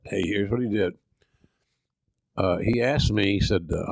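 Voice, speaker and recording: Older Southern man from Oklahoma, low gravelly voice, dry close sound, podcast storyteller. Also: unhurried, no room sound, low-quality recording. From Oklahoma, USA. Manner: folksy, salty, self-deprecating. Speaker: podcast host. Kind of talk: casual storytelling.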